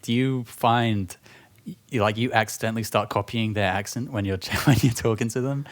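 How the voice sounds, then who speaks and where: Laid-back young British man, low voice. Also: steady tone, a little fast. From United Kingdom. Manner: chatty, laughs often, many fillers and restarts. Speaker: guest actor. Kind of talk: casual podcast chat.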